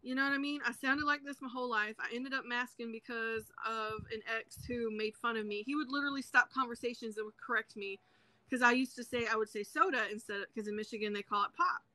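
A woman's voice: a little high, fast, sharp tone, no echo, low-quality recording. A woman in her thirties with a Southern US accent, chatting bluntly and casually on a livestream while crocheting. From South Carolina, US. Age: 30s. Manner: blunt, frank, swears freely. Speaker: livestream host.

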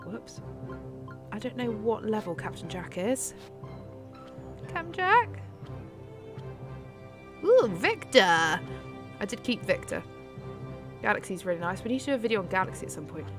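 A woman's voice: medium pitch, fairly quick, music in the background. A woman hosting a casual horse-racing game video, chatting and giggling with her viewers. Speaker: gaming channel host.

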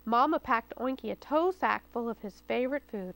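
A woman, a children's librarian, reading a story aloud at storytime in a lively, expressive way. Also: on the high side, normal speed, poor audio. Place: studio taping for local cable TV.

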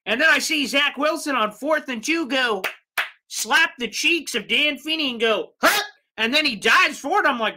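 A man with a sharply bright, forceful voice hosts a live sports fan show. He rants with exasperation, one moment shouting, the next dropping to a low mutter. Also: lively intonation, normal speed. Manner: fired-up and exasperated, swings between loud rants and low mutters. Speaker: sports podcast host.

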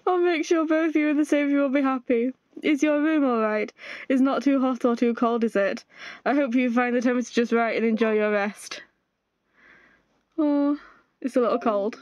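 A woman's voice: high voice, fairly even intonation, moderate pace, a little mellow, dry recording, muffled recording, natural voice. Woman reading as an anxious, pleading young man. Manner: pleading, apologetic. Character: anxious, self-blaming devoted young man. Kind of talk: reading game chat lines aloud.

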